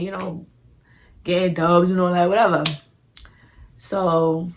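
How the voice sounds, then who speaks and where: A young woman tells a story in a loose, slangy way, acting out what people said. Her voice sits a little low. A faint hiss runs under the recording. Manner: animated, slangy, full of "like" and acted-out quotes. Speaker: vlogger. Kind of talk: casual storytime.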